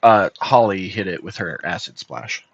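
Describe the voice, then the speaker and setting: A man with a fairly low voice runs a tabletop game as dungeon master, quick and easygoing, often laughing. He comes through a desk mic on a voice call. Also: expressive, fairly bright tone, no echo, highs cut off.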